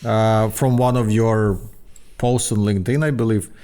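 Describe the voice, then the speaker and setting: A man hosting a podcast, asking questions in a measured, hesitant way with fillers. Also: lowish voice, steady tone, warm tone, clear, resonant tone. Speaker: podcast host. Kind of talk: interview questions.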